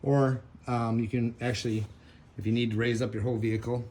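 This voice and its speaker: Speaking fairly quickly in a flat, slightly mellow medium-pitched voice, a DIY car repair video host casually talks through a repair. A little hiss or hum accompanies the camera-mic recording made beside a van, as he rambles with many ums and laughs at his own crude jokes.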